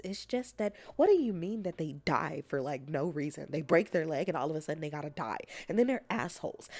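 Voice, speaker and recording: A woman streamer in a casual, rambling chat, playful and often dropping into soft whispers. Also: fairly low pitch.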